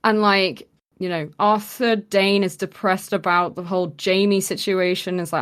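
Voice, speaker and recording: A woman with a clear, resonant, mid-range voice speaks a little slowly while co-hosting a podcast. She tells a story in casual chat, animatedly acting out the quoted lines with lots of fillers.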